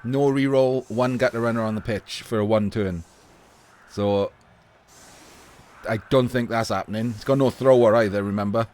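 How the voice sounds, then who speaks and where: A man giving casual live commentary on a video game match. He talks in a chatty way, laughs often, swears casually, and his voice is getting a little hoarse. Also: mid-range voice, steady tone, moderate pace, long pauses, a little mellow. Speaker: esports commentator.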